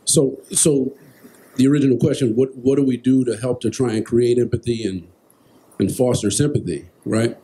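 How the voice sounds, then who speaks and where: A man speaking on a festival panel. He delivers measured, inspirational remarks and repeats phrases for emphasis. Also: medium pitch, steady tone, dark tone.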